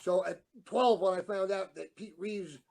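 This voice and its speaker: A man's voice: high-pitched, fairly even intonation, normal speed, gravelly, darkish tone. A middle-aged man co-hosting a talk show, telling rambling stories and acting out the dialogue he quotes. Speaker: show co-host, former wrestler. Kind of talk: casual storytelling.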